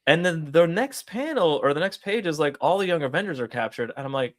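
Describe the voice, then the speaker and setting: Podcast co-host, male, lively swooping delivery, salty and animated, acts out lines. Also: a little high, fairly quick, few pauses. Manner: animated, acts out comic dialogue, swears a lot. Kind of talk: casual comic book discussion.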